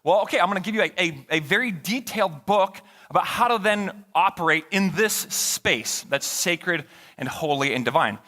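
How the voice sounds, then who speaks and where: A male pastor delivers a sermon in an easy, conversational way, trading jokes with the congregation. His voice sits a little high and is bright, with pitch that swings a lot. The sound carries the long reverb of a large church hall. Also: expressive, moderate pace. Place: church sanctuary.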